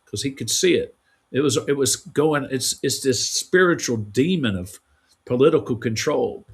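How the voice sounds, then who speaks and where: A man speaking at an ordinary mid pitch, chatting through an interview. He rambles in a folksy way, starting sentences over as the stories pile up. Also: a little fast, breathy edge. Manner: rambling, folksy storytelling with restarts. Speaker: guest. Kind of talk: casual interview conversation.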